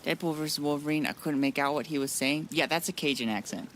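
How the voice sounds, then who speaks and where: A man's voice: a little high, fast, fairly bright tone, slight background noise. A man streaming a modded game, chatting casually in a rambling, blunt way with frequent restarts. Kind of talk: casual live-stream chat.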